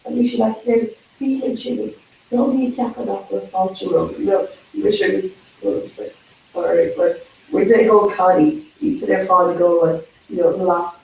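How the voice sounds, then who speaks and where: Young man, high voice, loose rambling banter, recorded far off in a roomy space. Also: fairly even intonation, moderate pace, gravelly. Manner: rambling, laughing, acting out quotes. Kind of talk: casual chat among friends. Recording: echoey room, mic far off, faint hiss.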